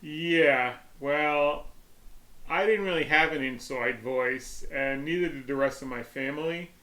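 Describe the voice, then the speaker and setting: A man's voice: fairly high pitch, measured pace, fairly bright tone. A man in his sixties co-hosting a casual chat, easygoing and plainspoken. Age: 60s. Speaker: co-host. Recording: echoey room.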